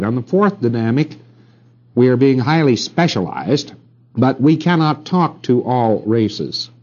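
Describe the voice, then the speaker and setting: Brief: middle-aged male lecturer, low and mellow, rambling and wry, old muffled tape. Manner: rambling, wry asides, rhetorical questions to the room. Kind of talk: recorded lecture to an audience.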